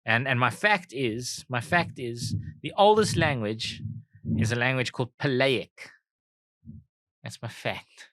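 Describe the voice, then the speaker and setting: A man's voice: mid-range voice, lively intonation, a little slow, fairly bright tone, no room sound. A South African man in his thirties co-hosting a comedy podcast, joking and self-mocking in casual chat. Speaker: podcast co-host.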